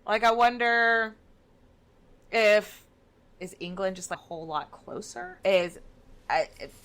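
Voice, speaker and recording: A woman's voice: medium pitch, slow pace, a bit bright. A woman co-hosting a podcast in casual, wry chat about history. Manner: chatty, wry, swearing. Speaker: podcast co-host.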